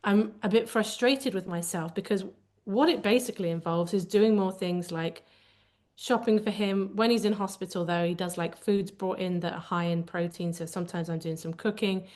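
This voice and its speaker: A woman's voice: medium pitch, moderate pace, darkish tone. A woman co-hosting a conversational podcast, speaking candidly and reflectively as she searches for the right words. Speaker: podcast co-host.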